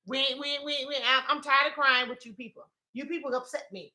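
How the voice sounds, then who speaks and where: A woman hosting a livestream motivational talk, emotional and repetitive, sliding from gentle spiritual encouragement into loud exasperated rants. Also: high voice, fairly even intonation, brisk, hardly any pauses. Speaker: host and counselor.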